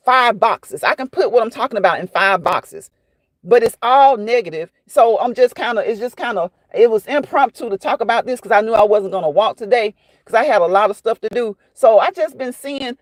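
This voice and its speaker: Chatty woman livestream host, higher voice. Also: no echo. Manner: chatty and fussing, addresses viewers by name. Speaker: livestream host reading chat. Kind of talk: casual livestream chat.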